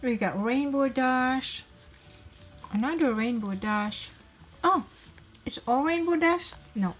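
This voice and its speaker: A woman's voice: sits high, takes it slowly, slightly rough, soft background music, low-quality recording. A young woman hosting a casual toy unboxing video, chatty and giggly with cheerful exclamations. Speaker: toy unboxing channel host. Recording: packaging crinkles and clicks throughout. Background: crinkling packaging.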